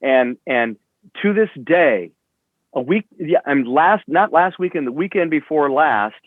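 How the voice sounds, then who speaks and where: A rock musician in his sixties, appearing as a guest over a remote call, rambles through casual stories full of fillers and profanity. His voice is on the high side with lively intonation and a measured pace, carried over a tinny, phone-like line with no echo.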